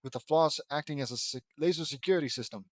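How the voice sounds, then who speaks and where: A man reads a fan story aloud in a voice a little higher than most men's, stopping often to mock it with exasperated asides and curses. The sound is dry and close, with no room echo. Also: fast talker. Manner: sarcastic, exasperated, swears. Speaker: fan fiction reader.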